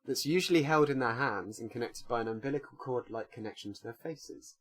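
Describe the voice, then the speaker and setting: Husky guy running a fan quiz on a podcast, chatty, explains answers in detail. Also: mid-range voice, brisk. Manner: reads questions and explains answers at length. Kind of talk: casual quiz chat.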